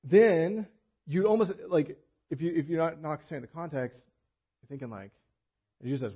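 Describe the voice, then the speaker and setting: A man's voice: a little high, brisk, pauses often, slightly rough. A male pastor giving a conversational sermon, often slipping into quoted voices of the people he describes. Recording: muffled lo-fi sermon audio.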